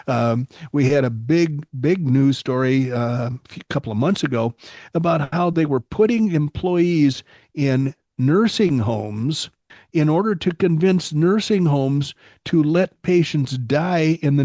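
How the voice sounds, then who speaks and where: Older male podcast host, slightly raised pitch, close dry sound, wry joking delivery. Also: a little mellow, dry recording. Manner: wry, joking, reads headlines aloud with commentary. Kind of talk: casual podcast chat.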